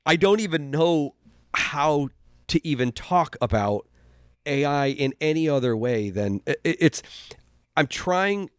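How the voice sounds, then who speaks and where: A man hosting a casual podcast chat, talking haltingly with frequent restarts and sighs. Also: a little high, expressive, dry recording, clean studio sound. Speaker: podcast host.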